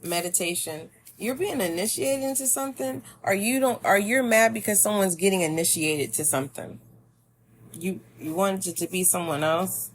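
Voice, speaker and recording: A woman's voice: medium pitch, moderate pace, slight background noise. A woman giving a spiritual tarot reading, talking to the listener in a meandering, musing way. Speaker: tarot reader.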